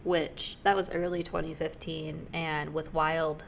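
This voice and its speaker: A young woman co-hosting a music podcast, running through facts in relaxed casual chat with fillers, on a desk mic in a small studio. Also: low-pitched, measured pace, gravelly, a little hiss or hum. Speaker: podcast co-host. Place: small studio in a dorm basement. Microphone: desk microphone.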